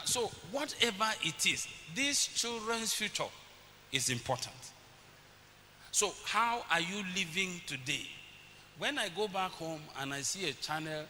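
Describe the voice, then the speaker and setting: A middle-aged man preaches in a bright, forceful voice that sits a little high. He tells stories and acts out voices. The sound rings with the long reverb of a church hall, over a faint hiss. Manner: storytelling, acts out his children's voices. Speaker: pastor. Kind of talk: sermon.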